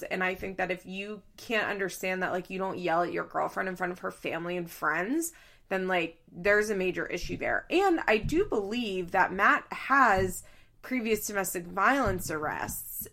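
A chatty woman talking through a reality show recap in a loose, casual way. She voices her opinions frankly and briefly mimics the people she quotes. Her pitch sits in the middle for a woman. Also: vocal fry, sharp tone. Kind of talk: casual chat.

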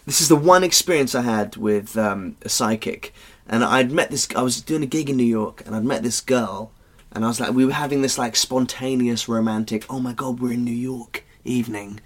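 A man's voice: medium pitch, moderate pace, hardly any pauses. A man co-hosting a podcast in loose, casual banter. He is blunt and swears often, and he laughs easily while telling his own stories. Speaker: podcast co-host.

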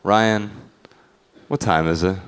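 A man's voice: sits low, slow pace, fairly bright tone, smooth. Upbeat man hosting a live podcast. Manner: upbeat, announcer-like segment hosting. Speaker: podcast co-host.

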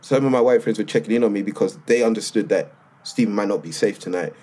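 A man co-hosting a podcast, telling stories in a lively, slangy, casual way. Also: on the low side, fast talker, husky. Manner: animated storytelling with slang. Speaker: podcast co-host. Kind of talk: casual chat.

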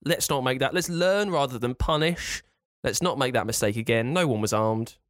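A man co-hosting a podcast, telling a story in a lively, jokey way. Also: mid-range voice, normal speed, no echo, studio quality. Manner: lively storytelling, jokey mock-Spanish asides. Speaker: podcast co-host telling a fact. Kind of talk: casual chat.

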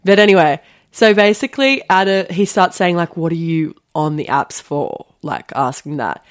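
Lively young woman telling a story on a podcast. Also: lowish voice, moderate pace. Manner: animated, lots of "like" fillers, laughs often. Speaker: podcast co-host. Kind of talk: casual storytelling chat.

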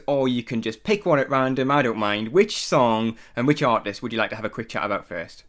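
A man hosting a podcast, prompting his guests in an upbeat, animated way. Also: medium pitch, fairly quick, few pauses. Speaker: podcast host.

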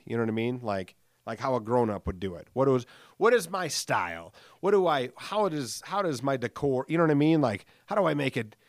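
A man's voice: mid-range voice, dry recording, studio quality. A man in his late thirties hosting a solo podcast, rambling casually with lots of fillers, self-mocking jokes and swearing. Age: late 30s. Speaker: podcast host. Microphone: studio microphone.

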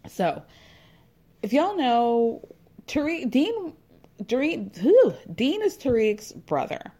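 A woman's voice: high voice, very animated, takes it slowly, warm tone, lo-fi sound. A woman hosting a casual recap, chatty and laughing often, dropping into mock voices to quote people. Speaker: recap podcast host. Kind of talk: casual chat recapping a reality show.

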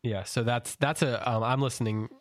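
A man's voice: medium pitch, fairly even intonation, normal speed, no echo. Man, casual book-club host, rambling, dry sound. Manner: loose, rambling with many restarts. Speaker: podcast host.

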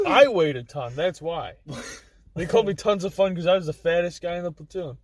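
A man guest on a podcast, telling a story in a casual, animated, profane way. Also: high voice, moderate pace, recorded from a distance, a crowd in the background.

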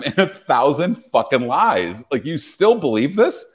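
A man's voice: medium pitch, moderate pace, hardly any pauses. Ranting, profane podcast host man. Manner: ranting, profane, animated, with frequent restarts. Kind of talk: casual podcast chat.

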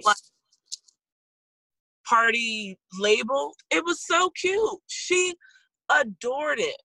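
Bright, lively woman chatting. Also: high-pitched, very slow, gravelly, no room sound, rough recording. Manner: animated storytelling, laughs often. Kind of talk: casual chat.

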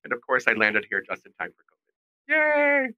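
Bright, dry-voiced expressive man. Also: on the low side, brisk, no room sound, lo-fi sound. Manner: animated, expressive storyteller. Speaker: fashion designer guest. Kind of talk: storytelling in a podcast interview. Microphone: remote call mic.

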